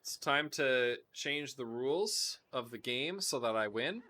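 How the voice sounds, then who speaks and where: A man's voice: medium pitch, lively intonation, a little slow, bright, forceful tone. A man streaming a tabletop game, joking around, laughing and talking to his chat. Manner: joking, giggly, talks to chat. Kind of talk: casual live-stream chat.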